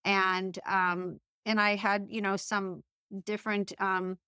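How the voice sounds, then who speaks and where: Smooth-voiced chatty woman guest. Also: mid-range voice, level tone, takes it slowly, sharp tone, no echo, clean studio sound. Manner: chatty storyteller with frequent restarts and fillers. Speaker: guest, author. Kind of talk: casual conversational interview.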